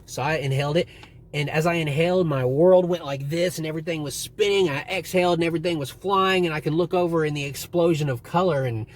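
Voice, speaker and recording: A man's voice: a little high, fast. A young man casually vlogging and telling stories in a rambling way, with lots of swearing. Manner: rambling, swearing, animated retelling. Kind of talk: casual storytelling to camera.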